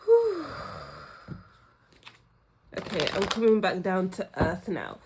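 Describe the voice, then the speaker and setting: A tarot reader doing a pick-a-card reading talks straight to her viewers in a lowish, expressive voice at a moderate pace, with a noisy background. She's effusive and emotional, laughing and sighing often, and comes across warm and reassuring.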